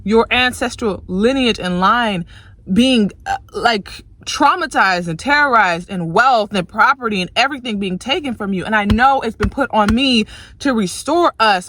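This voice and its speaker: Bright-voiced woman in a profane rant. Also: animated, normal speed, dry recording. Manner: frustrated, profane, swings between loud outbursts and low weary muttering. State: exhausted. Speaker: tarot reader. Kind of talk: venting rant to viewers.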